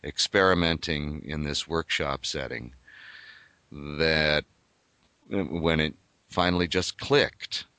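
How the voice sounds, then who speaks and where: A man's voice: very deep voice, slow pace, long pauses, bright, forceful tone, clear, resonant tone, no echo. An older man, a voice actor, talking thoughtfully and explaining his craft in an interview. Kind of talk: reflective interview talk.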